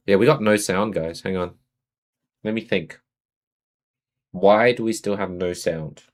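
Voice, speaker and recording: A man's voice: sits low, a little slow. A man with an Australian accent chatting casually on a live stream, greeting and answering his viewers.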